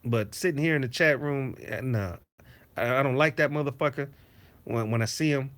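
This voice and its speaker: A man's voice: medium pitch, moderate pace, fairly bright tone. A man hosting a casual livestream from his home basement, ranting bluntly and profanely. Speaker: streamer host.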